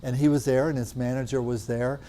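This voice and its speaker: Mellow-voiced middle-aged man telling a story. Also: mid-range voice, flat delivery, brisk. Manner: chatty, acts out dialogue, many fillers. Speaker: natural medicine teacher. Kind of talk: anecdotal storytelling to a class.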